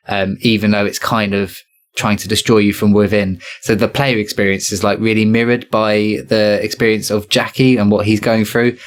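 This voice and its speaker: A man co-hosting a podcast, talking through a video game in a thoughtful, analytical way with many fillers. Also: fairly low pitch. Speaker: podcast co-host. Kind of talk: casual game review chat.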